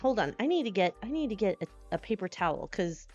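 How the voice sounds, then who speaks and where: A woman streamer chatting casually with her live chat. She is bubbly and scattered, and she greets people with excited squeals. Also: mid-range voice, fast talker. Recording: dull lo-fi stream audio with faint music.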